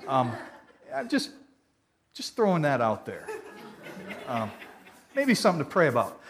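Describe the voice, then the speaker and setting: A man preaching a sermon in an earnest, conversational way, swinging from loud emphasis to quiet. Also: mid-range voice, wildly swooping pitch, unhurried, long pauses. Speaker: pastor.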